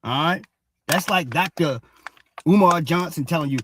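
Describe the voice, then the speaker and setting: A man's voice: on the high side, moderate pace, long pauses, a bit bright, no echo. A man hosting a ranting commentary show, heated and mocking, cursing and repeating "all right?" again and again. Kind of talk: ranting commentary on social media posts.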